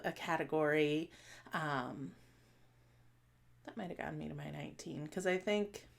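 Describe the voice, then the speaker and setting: A woman's voice: on the low side, gravelly. A woman in her late thirties chatting casually to camera as a stitching vlogger, rambling with many fillers and restarts. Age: 30s. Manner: talks fast at times.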